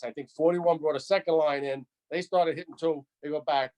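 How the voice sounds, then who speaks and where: Speaking fairly quickly, a firefighter in his 60s, now retired, shares an old story during an interview. He has a slightly high male voice and talks in lively runs, circling back on phrases while setting the scene.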